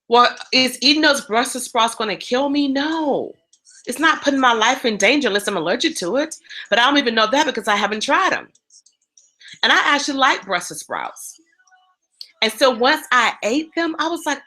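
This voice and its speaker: A woman giving a motivational talk, telling animated stories and addressing her listeners directly. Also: a little high, normal speed, poor audio. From East Coast of the United States. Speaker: motivational speaker.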